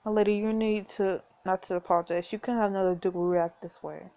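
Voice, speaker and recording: A woman voicing a gentle, earnest, loyal young man who is the estate's master of horse in a story game. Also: mid-range voice, fairly even intonation, fairly quick, muffled recording, close to an everyday voice.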